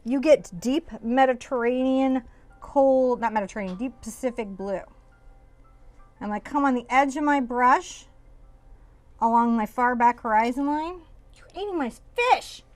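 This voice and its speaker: A woman's voice: a little high, a little slow, soft background music. A woman giving a live painting tutorial, chatty and jokey, often laughing as she works. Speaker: painting instructor.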